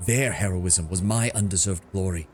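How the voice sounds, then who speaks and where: A man's voice: sits low, normal speed, darkish tone, faint music behind, lightly acted. A man voicing a guilt-ridden male soldier captain, speaking in a solemn, bitter tone. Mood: somber.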